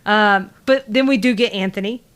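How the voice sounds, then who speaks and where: A woman's voice: mid-range voice, normal speed, fairly bright tone, clean tone. A woman from the American South with a Southern accent, co-hosting a podcast and recapping an episode in loose, rambling chat full of fillers. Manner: rambling, many fillers and restarts. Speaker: podcast co-host.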